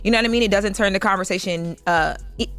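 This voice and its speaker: Quick-talking female co-host. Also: medium pitch, a bit bright. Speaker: radio show co-host. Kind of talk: casual chat.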